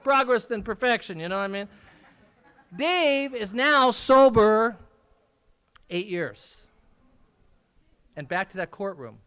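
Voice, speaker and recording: A man sharing his recovery story at a meeting, swinging from hushed, tearful moments to loud laughing outbursts. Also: high-pitched, animated, slow, long pauses, smooth, lo-fi sound. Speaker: AA speaker. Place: meeting room at a school.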